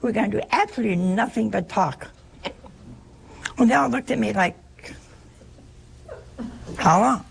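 A woman's voice: a little high, brisk, gravelly, pauses often, a little hiss or hum. A woman giving an informal spiritual talk in a chatty, humorous way, acting out bits of quoted dialogue. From United States.

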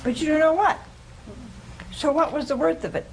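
A woman with a fairly high voice gives a relaxed religious talk to a live gathering. She keeps it conversational and humorous, turning often to quiz the people in front of her. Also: moderate pace, creaky, a little hiss or hum. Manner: chatty, questions the listeners, humorous. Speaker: religious teacher. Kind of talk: informal talk to a live audience.

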